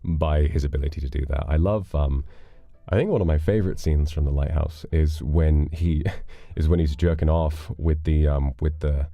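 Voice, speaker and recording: A man's voice: a bass voice, fairly even intonation, moderate pace, no room sound, muffled recording. A man streaming live, rambling casually as he reads donations and chats, with casual swearing. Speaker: livestreamer.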